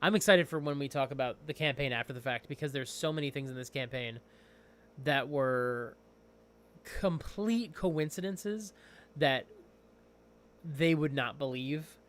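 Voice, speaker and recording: A young man chatting casually on a livestream as a game master, rambling and excitable. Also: mid-range voice, unhurried.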